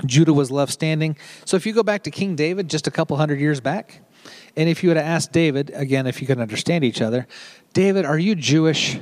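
A middle-aged man giving a casual sermon, talking in a chatty, joking way with quick asides. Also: on the high side, a little mellow. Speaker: preacher.

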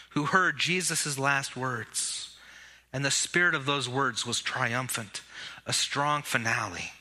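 A man preaching an Easter sermon with animated emphasis, leading the congregation in call-and-response while his voice is giving out. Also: medium pitch. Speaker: pastor.

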